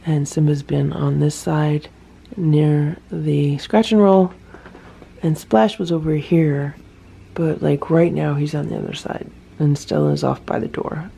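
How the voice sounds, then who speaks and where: A woman's voice: deep voice, fairly even intonation, unhurried, vocal fry, mellow, slight background noise. A woman narrating a casual home vlog, chatting about her cats and talking to them as she films. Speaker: cat rescuer vlogger.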